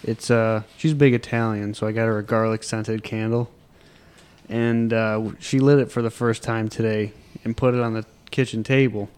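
A man's voice: fairly low pitch, flat delivery, normal speed, darkish tone, smooth. A tired man hosting a casual after-work chat, rambling through stories and restarting his sentences. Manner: rambling storyteller, trails off and restarts.

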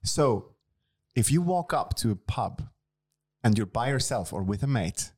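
A man's voice: medium pitch, lively intonation, a little slow, darkish tone, slightly rough. A young man co-hosting a comedy podcast, telling stories with dry, wry humor and casual swearing. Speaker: podcast co-host.

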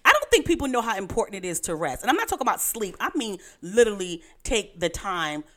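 A middle-aged woman with a Brooklyn accent, co-hosting a casual podcast chat, animated and teasing, laughing often. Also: medium pitch, fast talker. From Brooklyn, New York. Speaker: podcast co-host.

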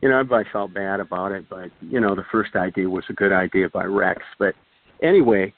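Talking fast in a voice that sits low, an older man tells a long anecdote as a guest storyteller, rambling casually with plenty of fillers and restarts. The sound is dry and thin, like a phone.

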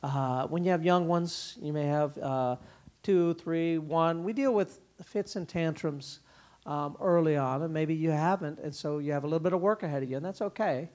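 A man speaking at a parenting conference, telling stories and acting out quick lines for kids and parents. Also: on the high side. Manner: animated storytelling, voices children and parents in quoted bits. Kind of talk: conference talk. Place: conference hall.

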